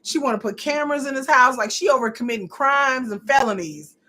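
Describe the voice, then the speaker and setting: A woman's voice: high voice, a little fast, bright, forceful tone. A woman in her forties recapping a reality show, blunt and profane, exasperated and repeating herself when riled. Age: 40s. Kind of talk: casual live episode commentary.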